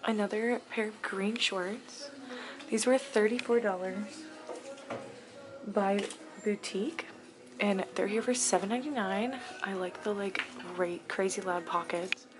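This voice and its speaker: A young woman in a casual shop-with-me vlog, chatty and excited, often dropping to a whisper, filmed on a handheld camera inside a thrift store. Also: mid-range voice, measured pace. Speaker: vlogger. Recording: store noise in background.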